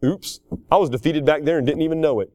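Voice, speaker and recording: A man's voice: a little high, fast talker, mellow, no room sound, clean studio sound, natural voice. A man voicing Satan as a sheepish male figure who finds he was beaten, inside a sermon.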